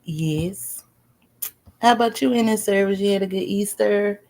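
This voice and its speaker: A woman livestreams a casual story straight to her chat. Her voice sits in the middle of a woman's range and stays lively. She swears freely, laughs as she talks and keeps asking her viewers to answer her. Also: medium pitch, unhurried. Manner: laughs while talking. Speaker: live streamer.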